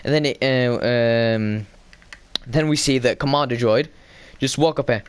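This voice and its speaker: A man casually recapping a show episode. He hesitates a lot, fills pauses with "uh" and "um", corrects himself, and gets excitable as he retells the scenes. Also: medium pitch, clean tone, dry recording. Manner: hesitant, heavy fillers and self-corrections.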